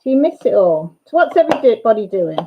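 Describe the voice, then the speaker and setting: A woman hosting a casual chat livestream, excitable, laughing and greeting viewers by name. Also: a little high, fairly quick, a little hiss or hum. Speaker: livestream host. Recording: dull lo-fi livestream sound.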